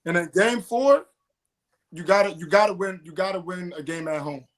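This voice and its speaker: A man co-hosting a casual sports talk show, explaining playoff basketball in an animated way and calling people "bro". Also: high-pitched, normal speed. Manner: animated, says "bro" a lot. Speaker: podcast co-host.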